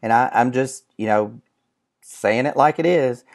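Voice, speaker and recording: A man with an ordinary middle-pitched voice talks in a casual chat. He sounds earnest and builds his points slowly, stopping and restarting his sentences as he goes. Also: creaky. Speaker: co-host.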